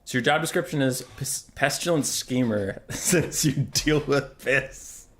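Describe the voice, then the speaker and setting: A man's voice: medium pitch, unhurried, a little hiss or hum. A young man chatting casually while he streams a game, loose and joking, swearing freely.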